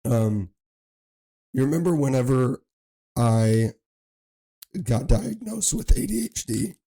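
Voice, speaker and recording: A man in his thirties hosting a podcast in casual chat, hoarse, talking in long runs and pressing his point. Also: medium pitch, big pitch swings, slow, mellow. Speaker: podcast host.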